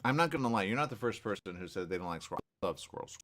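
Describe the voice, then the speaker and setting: A man hosting a casual talk radio show, his pitch leaping up and down as he rambles through stories. He laughs often and talks in a loose, chatty way. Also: animated, rapid-fire, a bit bright.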